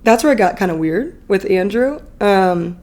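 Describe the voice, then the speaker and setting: A woman's voice: medium pitch, lively intonation, normal speed, darkish tone. A woman in her thirties, a podcast guest, telling a personal story candidly in a chatty, emotional way full of fillers.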